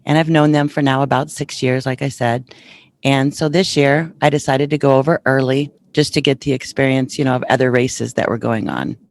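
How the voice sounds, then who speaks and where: A woman's voice: extremely low pitch, normal speed, no room sound. A woman podcast host casually telling a personal story in a chatty way, acting out what others said to her. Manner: chatty, retells conversations with lively quoted voices.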